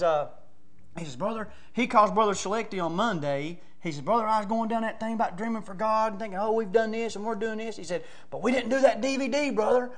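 A man. He tells stories in a folksy, excitable way and now and then climbs to shouting. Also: sits high. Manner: excitable storytelling, rising to shouts; folksy, says "man" and "brother" often. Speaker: preacher. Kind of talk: sermon.

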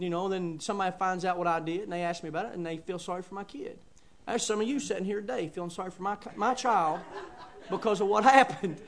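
A middle-aged man preaching a sermon, folksy and emphatic with chuckles and asides. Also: high-pitched.

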